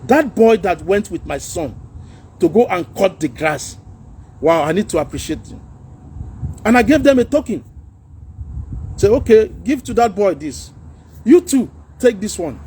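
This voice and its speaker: A man's voice: sits high, mellow, a little hiss or hum. A middle-aged Nigerian man with a Nigerian accent hosting a casual political livestream, earnest and preachy, slipping into pidgin and laughing at his own jokes. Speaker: social media livestream host.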